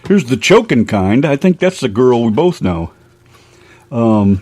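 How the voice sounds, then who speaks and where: A man's voice: medium pitch, sing-song, measured pace, mellow, slightly rough. A man hosting a casual radio show, chatting in a rambling way and laughing often. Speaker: host.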